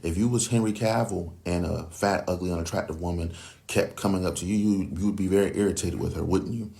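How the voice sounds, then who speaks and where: Deep gravelly man, blunt and profane. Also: steady tone, fast talker, warm tone. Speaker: commentator. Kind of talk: casual monologue.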